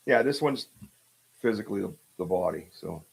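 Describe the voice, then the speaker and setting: A man's voice: on the low side, lively intonation, moderate pace, creaky, slightly rough. A man hosting a podcast, telling a story in a casual, rambling way with lots of fillers and restarts. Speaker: podcast host. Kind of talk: casual storytelling on a live stream.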